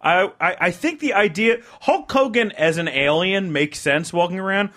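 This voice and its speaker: Bright-voiced man laughing through casual chat. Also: sits high, expressive, moderate pace. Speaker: podcast host.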